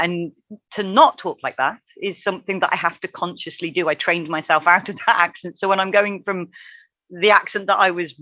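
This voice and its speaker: Female voice actor from Gloucestershire, thoughtful, bright tone, dry recording. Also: lowish voice, steady tone, a little fast, no echo, lo-fi sound. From Gloucestershire, England. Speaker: voice actor in the cast. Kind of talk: casual panel chat.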